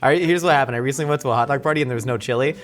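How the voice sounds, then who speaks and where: A man hosting a casual, jokey cooking show, excitable and playful, with sudden jumps up in pitch. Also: racing.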